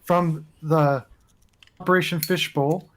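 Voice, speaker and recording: A man with a fairly high voice calls into an online debate from home. He is relaxed and laughs easily, linking one thought to the next in loose run-on chains. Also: slow. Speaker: guest caller. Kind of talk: casual debate chat. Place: home with chickens right outside.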